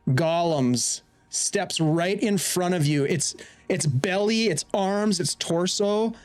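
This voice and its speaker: Unhurried man narrating a tabletop game. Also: fairly high pitch, clear, resonant tone. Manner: unhurried, searching for words. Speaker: dungeon master.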